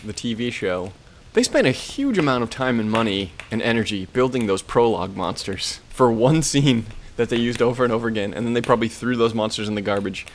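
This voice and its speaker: A man's voice: mid-range voice, a little hiss or hum. A man co-hosting a podcast, chatting casually with a wry, amused manner and laughing easily. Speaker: podcast co-host. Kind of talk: casual chat.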